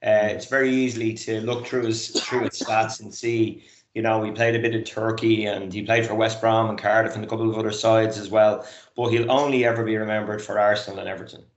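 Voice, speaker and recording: A man's voice: fairly low pitch, level tone, brisk, a little hiss or hum. A man in his fifties, a guest in a casual chat, earnest and rambling with many fillers. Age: 50s. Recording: roomy lo-fi sound.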